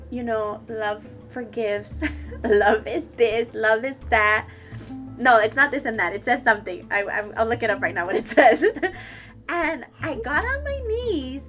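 A woman with a high voice tells her own story in a candid, emotional way, laughing between sentences and restarting her words. The recording sounds slightly muffled, with faint music under her voice. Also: fairly bright tone. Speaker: guest sharing a personal story. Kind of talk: candid personal testimony.

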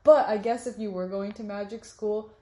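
A woman's voice: mid-range voice, fairly even intonation, moderate pace, dark tone, echoey room. A young woman hosting a podcast in casual chat, with a playful, dry and teasing manner. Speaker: podcast host.

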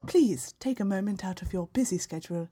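Woman hamming up a hushed, husky, posh British lady, genteel and sultry. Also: medium pitch, lively intonation, fairly quick. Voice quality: quiet and sultry. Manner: genteel, overly polite appeal. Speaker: podcast host.

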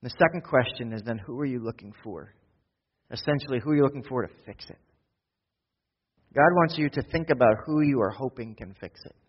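A pastor preaching a sermon, swinging from loud, quick urgency to hushed, slow intimacy. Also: male voice, medium pitch, breathy edge, big-room sound, dull audio. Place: church.

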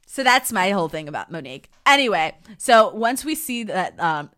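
A woman's voice: medium pitch, very animated, normal speed, fairly bright tone. A young adult woman co-hosting a podcast, chatting casually with lots of fillers and laughs. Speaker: podcast co-host. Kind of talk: casual chat.

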